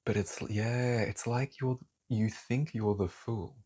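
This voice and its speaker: A man's voice: medium pitch, steady tone, slow, warm tone, breathy edge. A man giving a casual tarot reading, talking heatedly, swearing and then apologizing for it. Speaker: tarot reader.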